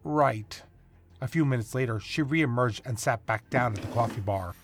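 A man narrating a story aloud with a steady, expressive reading and doing the characters' voices. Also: medium pitch, brisk, breathy edge, faint music behind.

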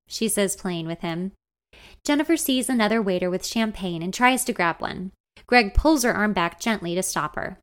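Lady reading a novel aloud, first person, wry and even. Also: mid-range voice, moderate pace, smooth. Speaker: audiobook narrator.

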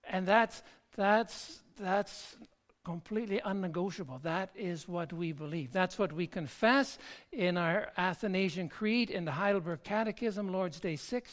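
A pastor delivers an earnest sermon at an unhurried pace. The voice sits at an ordinary middle pitch. The speech comes in halting phrases and often circles back on its words. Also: expressive. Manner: slow, halting delivery with frequent word repeats.

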